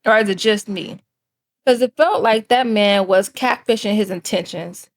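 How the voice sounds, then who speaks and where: A woman's voice: mid-range voice, normal speed. A woman hosting scripted commentary in a sassy way, talking straight to her viewers. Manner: sassy, addresses viewers as cousins. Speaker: host.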